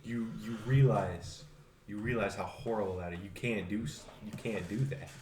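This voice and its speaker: A man's voice: lowish voice, moderate pace, echoey room, heavy background noise. A man playing in a tabletop game, casual and defiant, often stammering and repeating words. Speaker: player. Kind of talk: tabletop game role-play.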